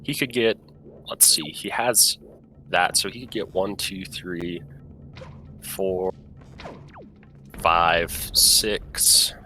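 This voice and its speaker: A man's voice: low voice, extremely slow, pauses often, sharp tone, faint music behind. A man commentating a live game tournament in a casual way, explaining the game's logic and thinking aloud.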